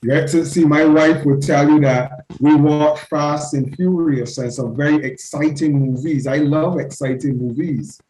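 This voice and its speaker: A man's voice: a little high, fairly even intonation, moderate pace, few pauses, warm tone, roomy sound, a little hiss or hum, poor audio. A man leading an evening class discussion, earnest and self-deprecating, often repeating his words. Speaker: class leader. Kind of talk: teaching discussion.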